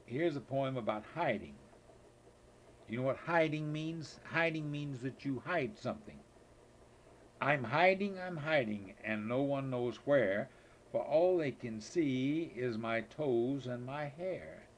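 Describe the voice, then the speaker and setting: A man's voice: medium pitch, animated, slow pace, slight background noise. An older man, a grandfather, reading children's poems aloud in a sing-song way, now and then slipping and rereading a line.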